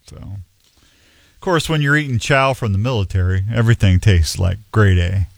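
A man's voice: on the low side, moderate pace, vocal fry, no echo, studio quality. A man in his sixties hosting a radio show, telling rambling folksy stories and reading out announcements. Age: 60s. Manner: rambling storyteller, folksy, many restarts. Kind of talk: casual radio chat with announcements.

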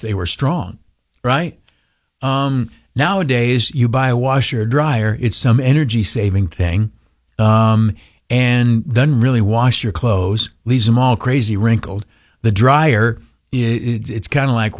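A man's voice: mid-range voice, no echo, clean studio sound. A middle-aged man hosting a grumpy political monologue, ranting with stammered restarts and many fillers. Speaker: commentary host.

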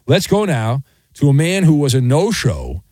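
A man hosting sports talk radio, joking with callers in quick banter. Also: a little high, wildly swooping pitch, darkish tone, breathy edge, no room sound. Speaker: radio host.

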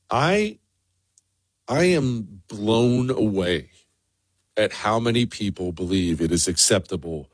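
A man's voice: fairly low pitch, no room sound. A man hosting a talk radio show, delivering an opinionated, emphatic rant. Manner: ranting, emphatic. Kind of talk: opinionated monologue.

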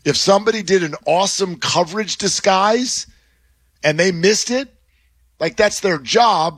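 Lively male sports radio host. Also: a little high, no echo. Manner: animated, analytical, quick back-and-forth. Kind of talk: sports talk radio chat. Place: radio studio.

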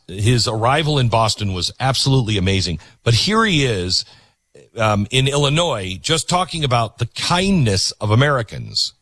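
A low-voiced man hosts a show and comments on video clips with emphatic delivery. His pitch swings widely as he talks. The sound is close and dry. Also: a bit bright, no room sound. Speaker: host.

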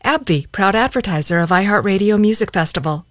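A woman reading a radio advertisement in a measured, serious tone. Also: mid-range voice, lively intonation, a little hiss or hum. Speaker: ad announcer. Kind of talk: read radio ad.

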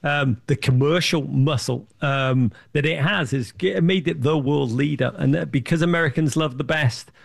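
A man, an interview guest, telling lively anecdotes with lots of restarts and fillers. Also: fairly high pitch, gravelly. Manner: enthusiastic storyteller, quick restarts and fillers. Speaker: interview guest, sports media founder. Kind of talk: animated anecdotal interview talk.

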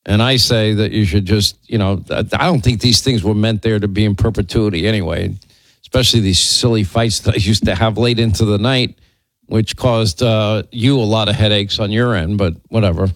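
A man hosting a political commentary show, talking in a sardonic, rambling way with quick asides. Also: lowish voice, no echo. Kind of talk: casual opinion commentary.

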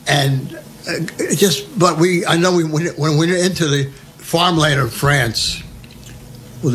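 A man's voice: fairly high pitch, a little hiss or hum. A man in his nineties from New Jersey, telling rambling oral-history war stories with chuckles and restarts. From New Jersey, USA. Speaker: war veteran interviewee.

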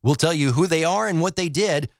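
A man's voice: on the high side, brisk, dry recording, clean studio sound. A man hosting morning news radio, talking conversationally with small fillers.

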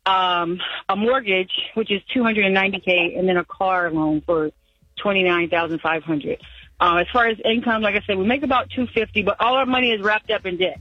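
A woman's voice: mid-range voice, fairly quick, breathy edge, dry recording. Anxious lady calling in, rambles a lot, nervous laughs, muffled dull phone line. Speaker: caller. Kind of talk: phone-in call.

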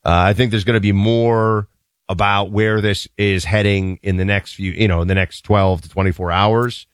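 A man co-hosting a talk show, giving casual, animated political commentary with wry asides and laughter. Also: fairly low pitch, moderate pace, clean tone, dry recording, clean studio sound.

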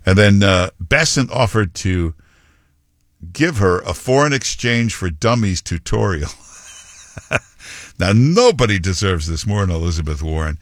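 A man's voice: low voice, expressive, a little slow, pauses often, dry recording, clean studio sound. A man hosting a talk radio show, giving blunt, scornful commentary in rambling asides.

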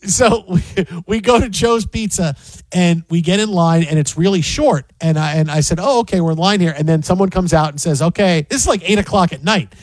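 A man with a high-pitched voice rambles through casual sports banter, piling up emphatic repeated phrases. The sound is dry and close, with no room around it. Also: moderate pace, no room sound. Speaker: sports show co-host.

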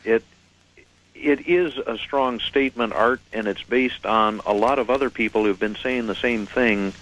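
A man appearing as a guest on a radio show, explaining things in a measured, articulate and precise way. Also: mid-range voice, a bit bright, highs cut off. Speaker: radio guest, head of a UFO reporting center. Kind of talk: phone-in radio interview.

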